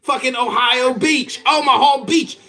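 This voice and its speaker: A man putting on a voice as a self-righteous ranter, shouting and mocking his listeners. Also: very high voice, a little slow, voice pushed up, heavily acted. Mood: scolding. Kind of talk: comedic trolling rant.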